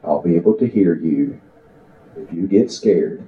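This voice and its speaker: A man preaching voices a gentle father soothing his little daughter at bedtime, speaking low and reassuring. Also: measured pace, roomy sound, phone-quality sound.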